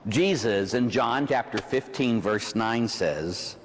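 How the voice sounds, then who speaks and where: Pittsburgh priest preaching in a reverberant hall. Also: male voice, lively intonation. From Pittsburgh, USA. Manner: slows and drops low for emphasis, then rises; conversational, tags "huh?" and "right?". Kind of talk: evening sermon with personal stories.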